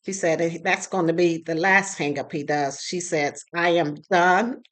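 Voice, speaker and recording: A woman's voice: low voice, moderate pace, a bit bright. A middle-aged woman telling a personal story in a casual, chatty way, acting out the other people's lines as she goes. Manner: chatty, with frequent fillers and asides. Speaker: storyteller sharing a personal experience.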